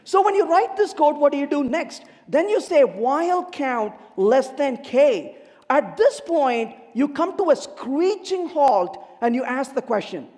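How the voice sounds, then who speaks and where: A man giving a humorous conference talk on code, theatrical and animated, asking the audience questions. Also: very high voice, measured pace. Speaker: conference speaker. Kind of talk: humorous technical keynote. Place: large conference hall. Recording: long hall reverb.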